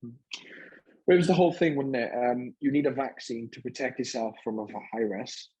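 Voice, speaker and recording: A man with a Welsh accent, a guest on a podcast, chatting in a relaxed, rambling way with many fillers. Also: medium pitch, moderate pace, breathy edge, poor audio. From Wales. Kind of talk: casual chat.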